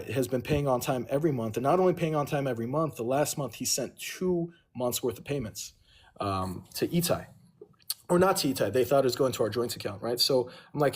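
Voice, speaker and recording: A young man telling a long personal story on a livestream, rambling and backtracking, acting out what others said. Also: mid-range voice.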